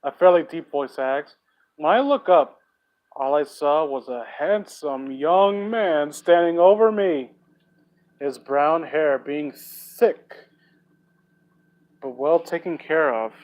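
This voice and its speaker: A man's voice: a little high, takes it slowly, highs cut off. A young man reading fan fiction aloud for laughs, with sarcastic, profane asides. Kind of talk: comedic dramatic reading with commentary.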